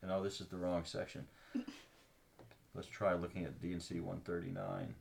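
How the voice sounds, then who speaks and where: Man, podcast co-host, low voice, reads scripture, earnest explaining, hesitant ums. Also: level tone, vocal fry, slight background noise. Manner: explains earnestly, pauses with ums to find passages. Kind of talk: casual religious discussion, reading scripture aloud.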